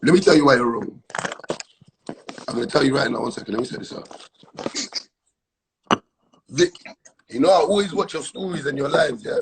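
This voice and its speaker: A man's voice: medium pitch, normal speed, creaky, long pauses, slight background noise, low-quality recording. A man calling into a live stream to argue insistently, tagging his points with "bro.". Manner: insistent, argumentative, lively.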